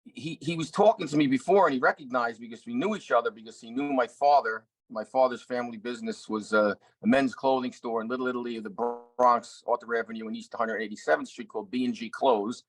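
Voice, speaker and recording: A middle-aged actor and director telling a story in an interview, earnest, with many restarts. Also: male voice, mid-range voice, fast talker, hardly any pauses, dry recording, poor audio. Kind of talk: anecdotal interview talk.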